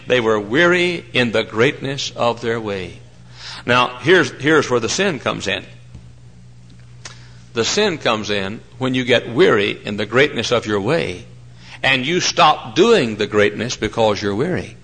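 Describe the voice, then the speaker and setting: A man preaching a sermon to a congregation in a church, telling folksy stories, his voice surging high with fervor. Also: animated, moderate pace, pushed and bright, rough recording. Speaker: traveling preacher.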